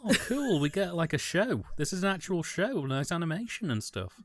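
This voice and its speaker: A man co-hosting a casual comedy podcast, cracking deadpan jokes and riffing on what he is watching. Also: high-pitched, moderate pace. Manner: jokey, deadpan asides. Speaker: co-host.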